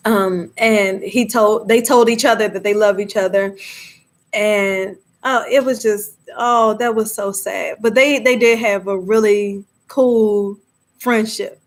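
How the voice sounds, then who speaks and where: A woman's voice: mid-range voice, steady tone, slow. A woman hosting a live movie discussion, chatting casually with viewers and laughing often.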